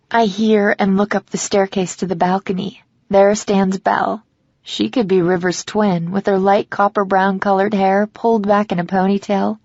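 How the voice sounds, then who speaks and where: A woman narrating a first-person romance audiobook in a measured, reflective way. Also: medium pitch, darkish tone, dry recording, muffled recording.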